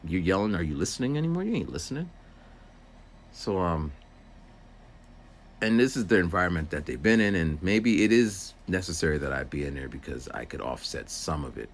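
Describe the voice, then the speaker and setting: A man's voice: low-pitched, animated, brisk. A man who works as a teacher's aide, rambling through a casual story outdoors while walking and acting out voices. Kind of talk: casual walking vlog monologue.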